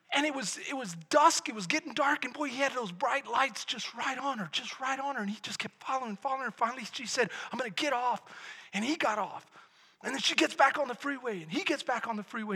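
High, bright-voiced preacher in a reverberant hall. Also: male voice, animated, brisk, breathy edge. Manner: dramatic storyteller, swings from hushed to shouting. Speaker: pastor. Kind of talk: sermon. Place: church sanctuary. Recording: long reverb of a large hall.

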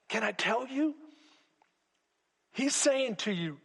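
A man preaching a sermon as pastor to a congregation, swinging between loud exclamations and hushed asides. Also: extremely high pitch, lively intonation, slow pace, vocal fry. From Texas. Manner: preaching with rising shouts and sudden quiet drops. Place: church sanctuary. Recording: long hall reverb.

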